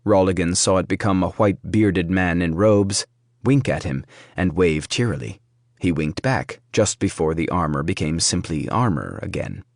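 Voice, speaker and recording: A man narrating a fantasy audiobook in a measured storytelling manner. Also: low voice, lively intonation, no echo, clean studio sound.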